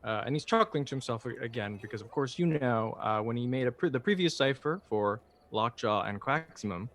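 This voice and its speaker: A man's voice: mid-range voice, lively intonation, brisk, fairly bright tone. A man playing in a tabletop game, describing his character's actions hesitantly, with many ums and an amused tone. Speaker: player. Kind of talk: tabletop role-play narration.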